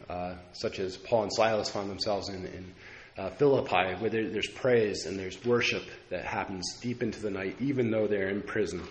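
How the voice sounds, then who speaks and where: A man preaching a Bible study sermon, earnest and measured, with occasional filler pauses as he reads scripture aloud. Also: on the low side. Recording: echoey room.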